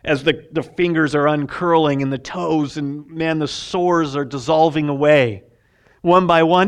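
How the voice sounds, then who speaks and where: A man preaching a sermon as pastor, telling the story vividly and swinging between loud emphasis and hushed asides. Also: fairly high pitch, steady tone, a little slow, clean tone.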